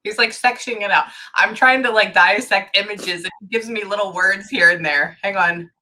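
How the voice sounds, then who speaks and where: A woman's voice: medium pitch, moderate pace, bright, forceful tone. A woman giving a psychic reading to a client, thinking aloud and stopping herself with "hang on" over and over. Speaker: psychic medium.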